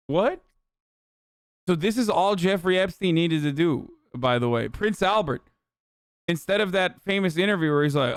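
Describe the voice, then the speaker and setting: A man's voice: sits high, normal speed, smooth, no echo. A man in his thirties streaming a reaction, cursing and riffing sarcastically with mock impressions. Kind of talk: casual reaction commentary.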